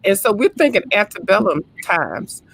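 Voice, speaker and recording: A woman's voice: mid-range voice, big pitch swings, moderate pace, gravelly, fairly bright tone, breathy edge, dry recording. A woman calls in to a live chat and talks bluntly, swearing as she scolds. She is from the Washington DC area. Her voice sounds dry and close. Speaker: caller. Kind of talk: casual call-in chat.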